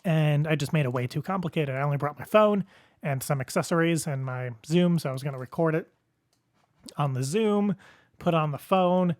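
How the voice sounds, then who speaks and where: A man's voice: on the high side, a little mellow, dry recording, clean studio sound. A young man hosting a podcast alone, telling a rambling story in casual chat, often chuckling at himself. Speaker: podcast host.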